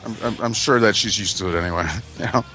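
A man's voice: lowish voice, quick pace, sharp tone, faint music behind. A man joking and swearing in a casual podcast conversation. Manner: joking, profane. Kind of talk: casual chat.

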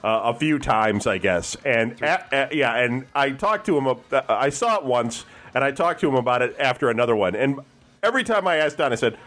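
A man's voice: mid-range voice, expressive, fairly quick, fairly bright tone. A man hosting a casual chat show, asking joking questions and laughing easily. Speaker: host.

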